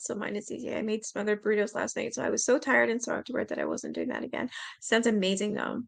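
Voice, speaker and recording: A woman's voice: mid-range voice, huge pitch swings, fast talker, vocal fry. A Canadian woman hosting a livestream, reading aloud and chatting loosely with her viewers, swearing freely and laughing often. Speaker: livestream host.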